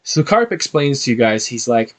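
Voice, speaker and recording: A man narrating a tabletop game as game master, animated and halting. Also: mid-range voice.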